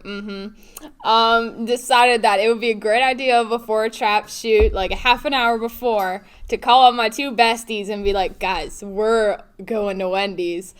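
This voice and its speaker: A teenage girl co-hosting a school podcast, telling a story in a casual, animated way with many fillers and giggles. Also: on the high side, clean tone. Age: teens. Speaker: podcast co-host.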